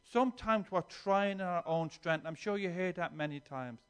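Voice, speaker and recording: A man preaching a sermon in an earnest way, swinging between quiet reflection and emphatic declarations, often repeating words as he goes. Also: high voice, normal speed, clean tone.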